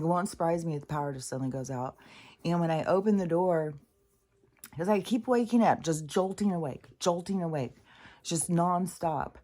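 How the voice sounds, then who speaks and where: A woman's voice: deep voice, mellow. A woman talking to camera at home late at night, rambling and restless, swearing freely, laughing at herself and sometimes dropping to a whisper. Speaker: vlogger. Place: home living room by the couch.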